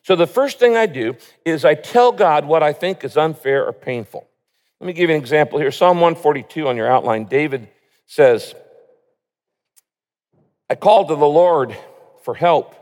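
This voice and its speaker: A man with a fairly high voice delivers an earnest sermon, reading prayers and scripture with swelling emphasis. His voice carries a long reverb, as if filling a large church hall. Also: lively intonation, normal speed, pauses often, a little mellow. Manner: earnest preaching, reads scripture with rising emotional emphasis. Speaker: pastor.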